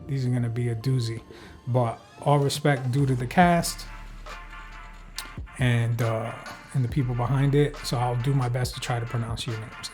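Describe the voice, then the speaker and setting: Guy rambling thru a movie recap, swears a lot, lots of ums, mid pitch, faint music under him. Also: a little mellow. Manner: loose, joking, swears freely, many fillers. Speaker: podcast host reviewing a film.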